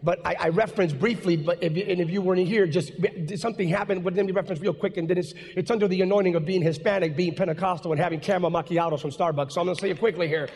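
A male pastor preaching a sermon, telling a story that builds into fervent, shouted preaching. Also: high voice, fairly even intonation, very fast, few pauses, husky. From United States. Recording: long reverb of a large hall.

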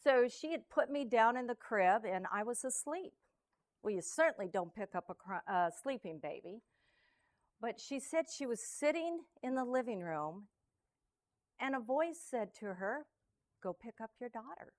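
A woman preaching a sermon, reading scripture verse by verse and then telling a personal story, swinging between loud proclamation and hushed near-whispers. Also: fairly high pitch, expressive. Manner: slow, deliberate reading of verse. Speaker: lay preacher.

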